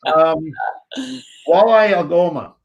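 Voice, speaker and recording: A man's voice: fairly high pitch, takes it slowly, muffled recording. A man co-hosting a live fishing show, chatting animatedly and reading out viewer questions.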